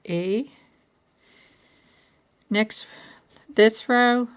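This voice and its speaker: A woman from Kentucky reading letters off a board one at a time, patiently asking questions and laughing softly now and then. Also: fairly high pitch, very slow, clear, resonant tone.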